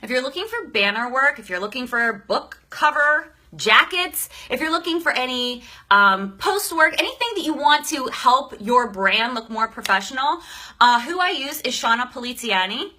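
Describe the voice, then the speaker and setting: A bright, effusive woman hosts a casual live stream, calling out viewers by name. Her voice sits a little high and sounds emotional and shaky, full of feeling. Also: lively intonation, normal speed.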